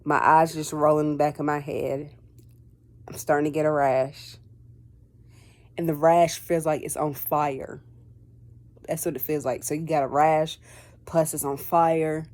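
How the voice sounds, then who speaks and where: A woman's voice: low-pitched, level tone, unhurried, pauses often, darkish tone. A woman vlogger telling a personal story in a casual, rambling way. She fills her talk with "like" and "um" and acts out conversations in quotes. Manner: rambling, heavy on fillers like "like" and "um".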